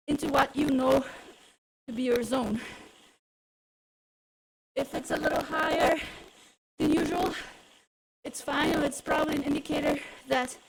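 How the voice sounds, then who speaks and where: A winded woman coaches riders through a cycling workout, cueing effort and breathing as she pedals along. Her voice sits a bit high, with a gravelly fry and a husky edge. She keeps the encouragement steady. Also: rough recording. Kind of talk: coaching a live workout class.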